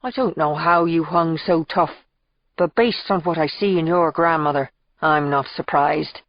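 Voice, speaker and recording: A woman reading the part of a boisterous, slightly drunk middle-aged man, in a loud, blustering manner, for an audiobook. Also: deep voice, measured pace, no echo, dull audio.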